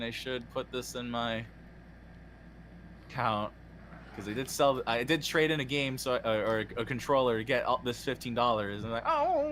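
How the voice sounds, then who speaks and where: A man's voice: medium pitch, fairly bright tone, a little hiss or hum. A man hosting a podcast, joking and swearing casually, reading a mock ad. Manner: swears often, jokey. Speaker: podcast host. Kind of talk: casual chat with a mock ad read.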